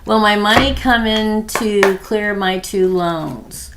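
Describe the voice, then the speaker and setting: A woman's voice: medium pitch, slow, noisy background. A middle-aged woman giving a live tarot reading, chatty and thinking aloud with many ums as she answers viewer questions. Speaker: tarot reader.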